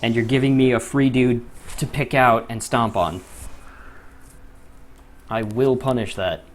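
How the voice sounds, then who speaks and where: A man's voice: mid-range voice, fairly even intonation, measured pace. A young man commentating his own gameplay, often frustrated, swearing and muttering to himself. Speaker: gaming YouTuber.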